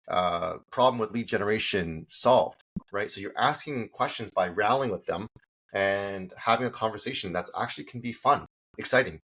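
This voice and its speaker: A middle-aged man, a sales coach guest on an interview show, telling stories animatedly and acting out the dialogue. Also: on the low side. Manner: animated storytelling, acts out quoted dialogue. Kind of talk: casual interview talk.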